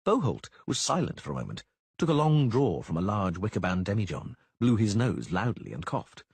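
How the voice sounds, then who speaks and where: Male narrator, husky, lively pitch, dry close recording. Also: moderate pace, no echo. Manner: voices characters with lively shifts. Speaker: audiobook narrator. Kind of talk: scripted audiobook narration.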